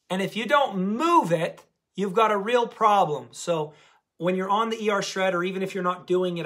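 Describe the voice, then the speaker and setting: A man's voice: high-pitched, a bit bright. A man coaching a diet program community in a casual, emphatic talk to camera, repeating key words for stress.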